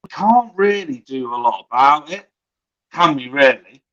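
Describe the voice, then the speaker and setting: A man's voice: mid-range voice, expressive, a little slow, fairly bright tone. A man co-hosting a casual podcast, ranting and mocking with plenty of swearing. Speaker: co-host. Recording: dull lo-fi sound.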